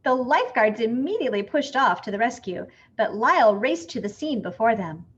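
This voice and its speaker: A woman reading a picture book aloud with expressive, animated storytelling. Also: fairly high pitch, brisk, breathy edge, dull audio.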